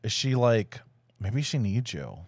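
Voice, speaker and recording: A podcast co-host cuts in with quick asides and jokes. His pitch leaps around a great deal as he talks. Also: very animated, breathy edge, no room sound, clean studio sound. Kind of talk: casual chat.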